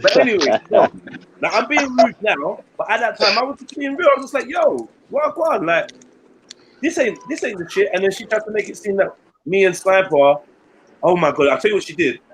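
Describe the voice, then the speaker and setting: Man, thirties, fairly high voice, animated and blunt, slangy casual chat, light background noise. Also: fairly quick. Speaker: podcast co-host.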